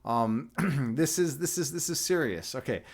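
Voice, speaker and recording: A man with a medium-pitched, animated voice speaks at a measured pace while hosting a live stream from his home setup. He's a chess instructor and meditation guide, and his casual chat rambles and jokes along with many restarts.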